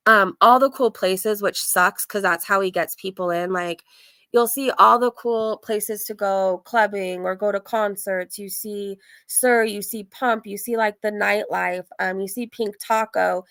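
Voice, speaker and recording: A woman live-streaming in a casual, chatty way, animated, with frequent laughs and "like" fillers. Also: mid-range voice, clean tone, no room sound. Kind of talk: casual chat.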